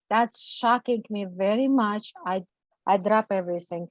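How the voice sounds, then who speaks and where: Woman recounting a loss, halting speech. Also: medium pitch, lively intonation, darkish tone, no room sound, poor audio. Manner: halting and emotional, with many fillers and restarts; non-native English grammar. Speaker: guest. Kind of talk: personal account in an interview.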